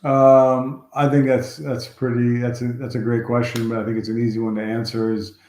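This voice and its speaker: A man in his forties, a former ball player, telling rambling, animated stories from his career in an interview. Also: mid-range voice, normal speed, reverberant. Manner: rambling, animated anecdotes with restarts. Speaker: former baseball player, guest. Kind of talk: storytelling interview.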